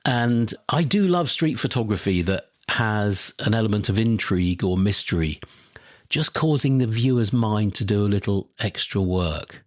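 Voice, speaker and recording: A man's voice: on the low side, expressive, moderate pace, no echo, studio quality. A man hosting a podcast, talking through listener questions in an opinionated, conversational way. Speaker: podcast host. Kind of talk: solo podcast talk.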